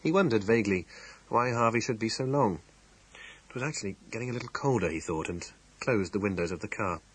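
A man reads a mystery story aloud in a measured, expressive way. His voice is low and husky, and his pitch moves with a lively lilt, close and dry on the mic. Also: rough recording. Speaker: audiobook narrator. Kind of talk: scripted narration.

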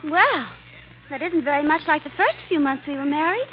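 A chirpy young wife in an old radio coffee ad, played by a woman. Her voice is high and bouncy. The sound is muffled like a 1930s broadcast. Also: animated, moderate pace.

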